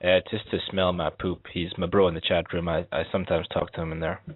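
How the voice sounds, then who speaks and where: A young male caller with a very low voice talks casually and haltingly over a call-in line. The sound is thin and tinny, like a phone. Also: little pitch movement. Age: young adult.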